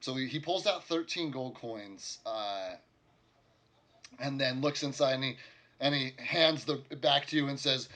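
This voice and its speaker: A man's voice: mid-range voice, unhurried, pushed and bright. A man narrating a tabletop game as game master, rambling along with many fillers and restarts.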